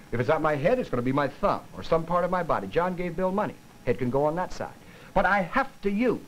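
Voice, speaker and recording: A man lecturing in an old educational film, his voice fairly high for a man and rising and falling with animated emphasis. He acts out his examples as he goes, pushing some words loud and dropping others soft. A faint hiss sits under the voice. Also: low-quality recording. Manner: demonstrative, acts out examples with voice and gestures.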